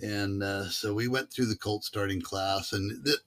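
A man's voice: lowish voice, fairly even intonation, moderate pace, fairly bright tone. A man who teaches mule-riding clinics, talking casually as an interview guest and telling stories with many fillers. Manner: drawling storyteller with fillers.

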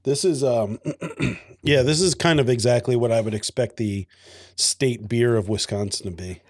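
A man's voice: mid-range voice, normal speed, dry recording. A man co-hosting a podcast in casual chat over a beer, laid-back and dry-humored, with hesitant "um"s and "uh"s. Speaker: podcast co-host.

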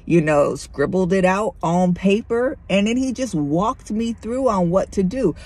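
A woman's voice: mid-range voice, expressive, a little slow, darkish tone, husky. A middle-aged woman speaking candidly and conversationally to her listeners, sharing a personal faith testimony. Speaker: Christian vlogger.

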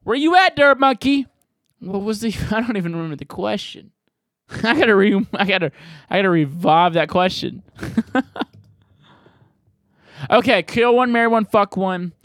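Profane rambling podcast host. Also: male voice, sits high, normal speed, pauses often, dry recording, studio quality. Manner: rambling, profane, jokey and loud. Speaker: podcast host answering voicemails. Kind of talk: casual podcast chat.

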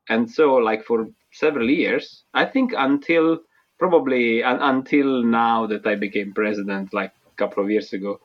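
A man's voice: mid-range voice, moderate pace. A man in his thirties from near Naples with an Italian accent, chatting casually as an interview guest, hesitant with many fillers and restarts. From Italy, small town near Naples. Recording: dull lo-fi sound.

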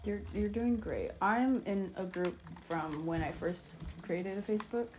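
A woman co-hosts a casual podcast chat from her home computer while gaming, sounding exasperated, swearing often and poking fun at herself. Her mid-range voice is unhurried and darkish in tone, with a little hiss or hum in the recording.

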